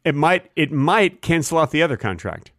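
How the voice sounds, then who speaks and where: A man co-hosting a podcast in casual comedic chat, deadpan and playfully absurd, with wide pitch swings. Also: moderate pace, dry recording, studio quality. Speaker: podcast co-host.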